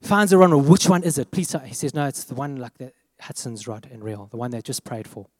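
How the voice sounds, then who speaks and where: A man telling a lively personal story as part of a sermon, acting out the voices of the people in it. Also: mid-range voice, brisk, no echo, clean studio sound, in a large hall. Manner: animated storytelling, acts out quoted voices. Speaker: preacher.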